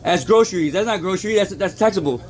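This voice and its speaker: A man's voice: high-pitched, quick pace. A man filming on his phone inside a store, arguing in an agitated, repetitive way as an employee. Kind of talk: filming a workplace confrontation.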